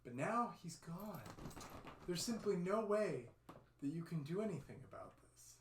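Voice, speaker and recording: Storybook doubters, skeptical and arguing, a bit high, voiced by a man, echoey room. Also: animated, a little slow, a little hiss or hum. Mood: doubtful. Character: doubtful group of disciples. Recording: roomy echo.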